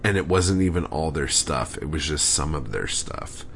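A man's voice: rumbling low, expressive, moderate pace, creaky, a bit bright, a little hiss or hum. A man hosting a podcast, ranting casually and rambling with lots of swearing and filler words. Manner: profane, rambling, frequent "like" fillers. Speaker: podcast host. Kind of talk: casual solo podcast rant.

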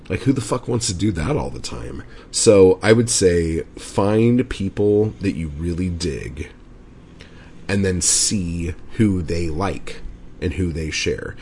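A man's voice: low-pitched, lively intonation, slow pace, gravelly, darkish tone, slight background noise. A man hosting a podcast, ranting casually and rambling with lots of swearing and filler words. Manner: profane, rambling, frequent "like" fillers. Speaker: podcast host. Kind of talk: casual solo podcast rant.

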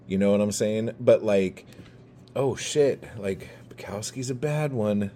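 A man's voice: fairly low pitch, measured pace, warm tone, a little hiss or hum. A man ranting heatedly to camera, swearing constantly and pushing his points with emphatic bursts. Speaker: poet and video creator.

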